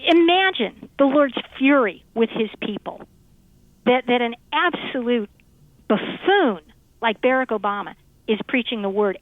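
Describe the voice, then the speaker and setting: A woman's voice: a little high, no room sound. Fiery woman on a tinny phone line. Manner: fiery, emphatic, preachy. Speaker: radio show guest. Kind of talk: impassioned call-in talk.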